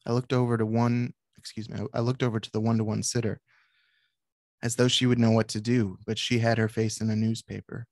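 Author reading, male, flat and gravelly, dry close sound. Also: fairly low pitch, dry recording. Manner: measured, with brief asides to the audience. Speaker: author and psychiatrist. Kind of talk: reading aloud from his book.

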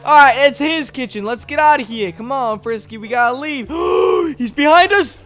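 A young man playing a horror game with a friend, frantic and excitable, often yelling. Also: extremely high pitch, brisk. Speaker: gaming YouTuber. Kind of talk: gameplay commentary.

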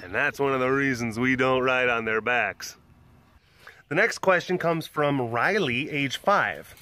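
A man's voice: medium pitch, unhurried, pushed and bright. A man who keeps big cats answers children's questions outdoors by the enclosures, patiently and simply, and addresses each child by name. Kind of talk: explaining to preschoolers.

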